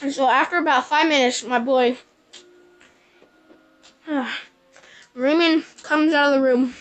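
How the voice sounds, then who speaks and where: A woman's voice: high-pitched, fairly even intonation, a little slow, fairly bright tone, muffled recording, faint music behind. A woman vlogger telling a rambling personal story casually, full of "like". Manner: rambling, breathless retelling with many likes. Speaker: gaming vlogger.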